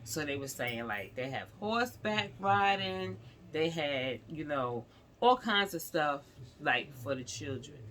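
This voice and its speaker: A woman's voice: low voice, expressive, a little slow, a bit bright, a little hiss or hum. A woman vlogger chatting to her viewers in a rambling storytime, often calling them y'all.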